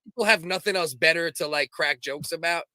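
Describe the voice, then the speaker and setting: A man's voice: a little high, brisk, bright, forceful tone, no room sound. A man hosting a podcast, chatting casually and steering a guest through his story. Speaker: podcast host. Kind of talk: casual chat.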